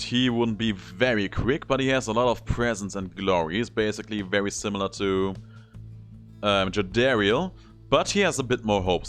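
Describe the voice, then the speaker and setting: Low-voiced man commenting on gameplay. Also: fairly bright tone. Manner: thinking aloud while choosing moves. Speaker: gameplay video host. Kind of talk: casual game commentary.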